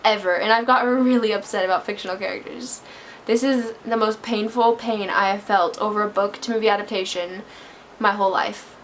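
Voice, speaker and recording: A woman's voice: mid-range voice, steady tone, fairly quick, a little hiss or hum. A young woman vlogging a casual movie review, gushing and emotional, her voice close to tears at times. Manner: gushing, emotional, breaks into laughter and near tears. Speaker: book vlogger.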